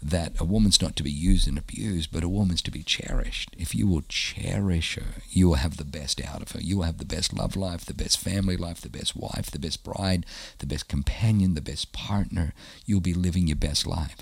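A middle-aged Australian pastor telling stories in a casual interview, animated and acting out the voices of people he quotes. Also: low voice, moderate pace, creaky, hardly any pauses, breathy edge, no room sound.

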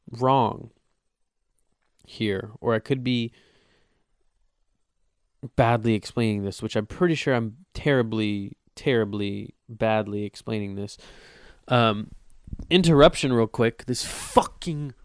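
With a low, clear and resonant voice, a young man delivers a rambling solo podcast monologue full of profanity and self-deprecating jokes. The studio-quality audio has no room sound.

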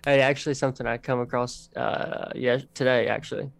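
A man's voice: mid-range voice, fairly even intonation, fairly quick, vocal fry, no echo. A man co-hosting a casual podcast, trading laughing, profane banter. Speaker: podcast co-host. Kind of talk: casual chat.

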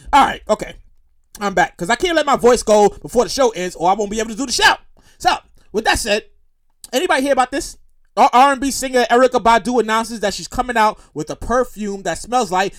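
Woman, comedy podcast host, high pitched, very animated, loud profane ranting, laughing. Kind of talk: comedic solo podcast rant.

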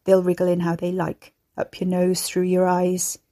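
A woman voicing a brutish monstrous father who speaks in a deep ruminating growl and a broad rural dialect. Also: completely flat delivery, moderate pace, warm tone, natural voice. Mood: menacing.

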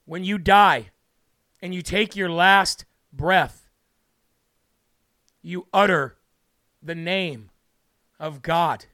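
A man hosting a livestream preaches fervently and emphatically, repeating words for stress, moved to the point of tears. His voice sits high with a sharp tone, very slow, broken by long pauses.

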